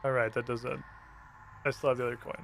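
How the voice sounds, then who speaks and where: A man streaming a game, chatting casually and excitably, swearing now and then. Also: mid-range voice, fast talker, creaky, a little hiss or hum. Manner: excitable, swears casually, baby-talks to a puppy.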